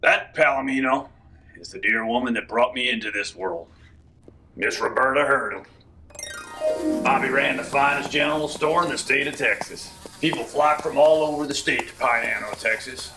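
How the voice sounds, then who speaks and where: A man telling folksy tall tales in a deadpan comic interview. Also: medium pitch, moderate pace, noisy background. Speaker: comic storyteller.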